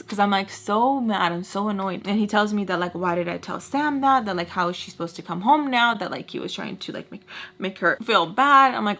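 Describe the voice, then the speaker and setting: A young woman tells a storytime tale to her camera in a chatty, animated way. She acts out each back-and-forth, tossing in "like" constantly. Her voice sits in a middle register for a woman. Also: mid-range voice, fairly quick. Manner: animated, acts out dialogue, many "like" fillers. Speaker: vlogger. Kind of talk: storytime narration.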